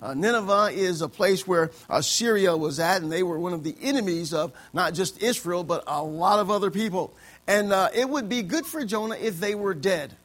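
A preacher delivers his sermon in a high voice, asking for amens again and again. He keeps it conversational and slips into quick voices for his anecdotes. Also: fairly bright tone. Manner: call-and-response preaching, frequent amens, acts out voices in anecdotes. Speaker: pastor.

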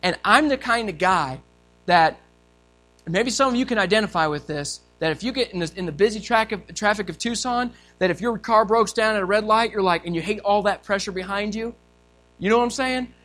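A male pastor preaching a sermon, telling a story in an animated way and acting out quotes and sounds. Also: high voice, brisk.

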